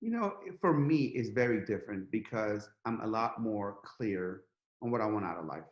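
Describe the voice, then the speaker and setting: A middle-aged man, a podcast guest, telling a story in a lively, casual way and acting out the quotes. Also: lowish voice, moderate pace, reverberant, dull audio. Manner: animated, acts out quotes in a rising voice.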